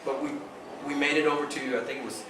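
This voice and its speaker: A man casually telling a fishing tournament story to a club meeting, animated and laughing as he acts out the dialogue. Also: mid-range voice, fast. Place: meeting room. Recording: echoey room from far off, background noise.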